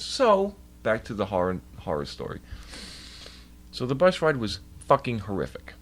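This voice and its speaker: A man's voice: mid-range voice, husky. A young man streaming live from home at his computer, telling a long, profane, complaining story to his chat. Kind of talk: casual rambling rant to a stream chat.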